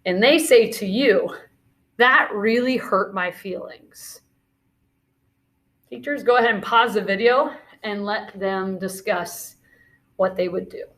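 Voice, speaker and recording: A woman's voice: medium pitch, moderate pace. A woman teacher leading a classroom video lesson, talking through scenarios and calling out movement commands in an encouraging way.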